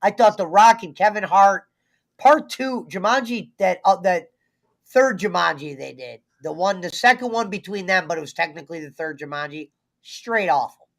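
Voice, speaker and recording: A man's voice: high voice, animated, moderate pace, gravelly, a bit bright. A man hosting a casual podcast chat, rambling and trailing off mid-sentence.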